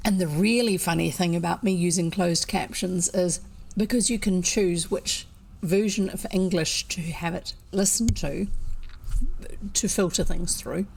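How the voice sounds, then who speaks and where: Gravelly New Zealand woman chatting casually. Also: fairly low pitch, measured pace, darkish tone, a little hiss or hum. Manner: chatty and rambling, snacking while talking. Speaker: storybook reader. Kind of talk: casual chat between chapters.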